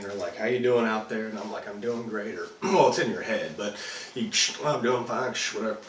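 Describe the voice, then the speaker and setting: A man's voice: on the low side, a bit bright. An actor playing a rattled male astronaut who rambles and swears as he recounts a UFO sighting. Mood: awed. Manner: rambling, profane, full of fillers. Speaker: actor performing a monologue. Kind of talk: dramatic monologue. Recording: roomy, distant mic, faint noise.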